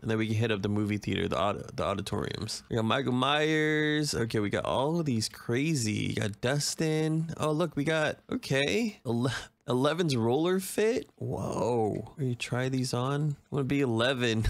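A young man playing a game on camera, chatting casually and jumping to high yelps and cries when startled. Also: animated, a little slow, dry recording. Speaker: gaming YouTuber.

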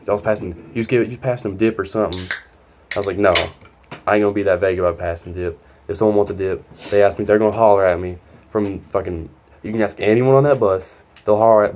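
A man's voice: low voice, lo-fi sound. A young man telling a heated, profane story in a casual storytime. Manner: profane, rambling, heated retelling.

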